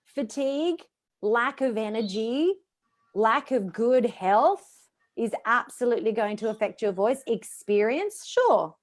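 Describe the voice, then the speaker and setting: Aussie lady voice coach on a video call, lively, acts out voices as she teaches. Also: a little high, unhurried. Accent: Australian. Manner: expressive, demonstrates voices while teaching. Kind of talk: guest speaking on a live video call.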